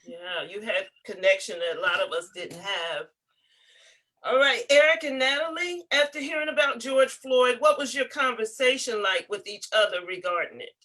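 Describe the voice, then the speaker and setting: Bright-voiced woman hosting from afar. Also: fairly high pitch, moderate pace, distant mic. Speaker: host. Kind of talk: moderating a group conversation.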